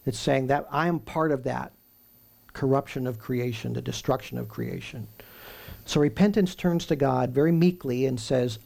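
Gravelly-voiced man preaching a sermon. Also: medium pitch, darkish tone. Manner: emphatic, with rhetorical questions and slow stressed lists.

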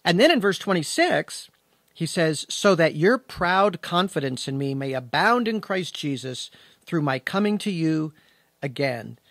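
A man's voice: fairly high pitch, big pitch swings, unhurried, fairly bright tone, dry recording, studio quality. A man teaching a verse-by-verse Bible lesson in a conversational, emphatic way, stressing key words as he explains the text.

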